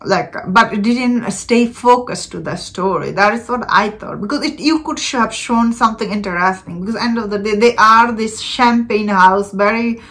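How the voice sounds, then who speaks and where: Bright-voiced chatty woman reviewing a film. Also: moderate pace, hardly any pauses. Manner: chatty, many fillers and laughs, expressive rises in pitch. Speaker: movie reviewer. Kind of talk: casual spoken film review.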